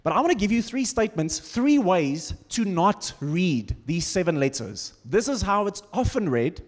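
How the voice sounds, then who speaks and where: High-voiced preacher in a reverberant church. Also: male voice, very animated, moderate pace. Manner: conversational, humorous preaching with sarcastic asides. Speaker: pastor. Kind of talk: sermon. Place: large church auditorium. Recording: long church-hall reverb.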